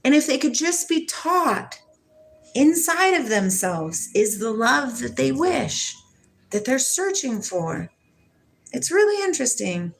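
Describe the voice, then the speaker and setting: A woman in her forties from Washington state, USA, hosts a casual spiritual livestream, chatting softly and affectionately with viewers, reading their comments, and laughing often. Her voice sits high with big pitch swings and vocal fry, and she speaks slowly.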